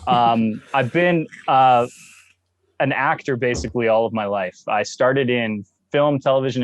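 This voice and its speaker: A man's voice: mid-range voice, no echo. Playful Canadian man, dry close sound. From Alberta, Canada. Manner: theatrical, wordy and playful. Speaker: guest, actor and author. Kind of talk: casual interview chat.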